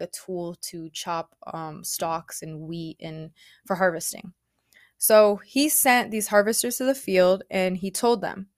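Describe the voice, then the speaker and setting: A woman's voice: medium pitch, dry recording. Chatty woman in a dry room. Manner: chatty, informal, frequent "like" and "bro". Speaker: spiritual speaker. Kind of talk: casual spiritual talk retelling a parable.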